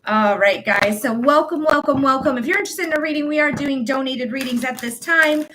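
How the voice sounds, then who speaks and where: A woman's voice: sits high, brisk, fairly bright tone, slight background noise, low-quality recording. A woman psychic reader hosting a live stream, chatting casually and welcoming viewers by name over and over. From United States.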